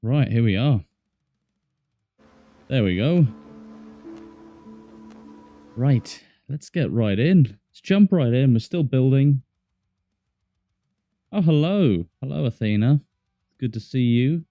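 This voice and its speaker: A man's voice: medium pitch, lively intonation, takes it slowly, pauses often, no room sound, highs cut off, soft background music. A man chatting casually to his viewers while he plays a game on a livestream, jokey and talking to himself. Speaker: streamer. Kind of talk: casual gaming livestream chat.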